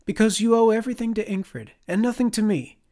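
A woman's voice: lowish voice, huge pitch swings, fairly quick, gravelly, heavily acted. A man voicing a bitter, scornful woman captain who mocks her new underling. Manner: mocking, sneering.

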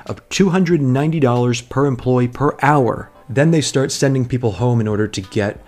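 A man's voice: medium pitch, normal speed, darkish tone, faint music behind. A young man reading his own personal essay aloud, reflective and earnest, with small restarts.

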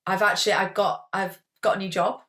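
A woman's voice: mid-range voice, flat delivery, a little fast, bright, forceful tone. A young woman, chatting as a guest athlete in a casual interview, rambling and peppering her talk with "like".

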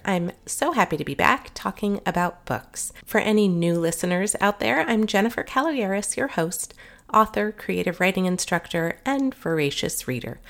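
A woman's voice: on the low side, gravelly. A middle-aged woman hosting a podcast in a chatty, upbeat monologue, sounding nasal from a cold. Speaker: podcast host.

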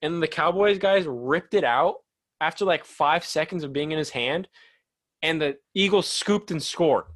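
A young man co-hosting a sports podcast, rambling and animated, with lots of "like". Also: fairly high pitch, measured pace, no echo. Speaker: podcast co-host. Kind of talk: casual sports chat.

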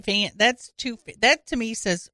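A woman in a casual chat, relaxed, making dry remarks. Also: fairly high pitch, unhurried, no room sound.

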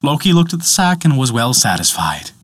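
Expressive male storyteller, dry close sound. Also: medium pitch, fairly quick, slightly rough, no room sound. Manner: dramatic, expressive. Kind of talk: storybook narration.

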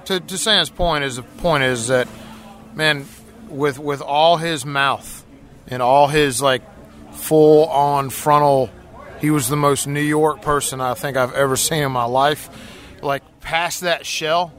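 Bright-voiced man telling stories casually. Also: medium pitch, slow. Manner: loose storytelling with fillers. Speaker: podcast co-host. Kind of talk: casual chat.

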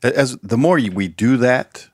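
A man's voice: mid-range voice, animated, normal speed, no echo, studio quality. A married man co-hosting a casual faith podcast, talking in a heartfelt, rambling way with many ums. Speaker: podcast co-host. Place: podcast studio.

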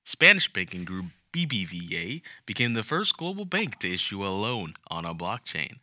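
Man doing a parody male newscaster, bright and punchy, dry close mic. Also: on the low side, big pitch swings, normal speed, no echo, full character voice. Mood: mock-serious. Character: mock-pompous male TV newscaster.

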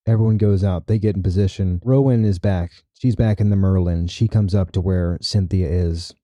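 Podcast host, man, casual recapper, deep dark tone, dry mic. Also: steady tone, normal speed, no room sound. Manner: chatty, tags lines with "right?".

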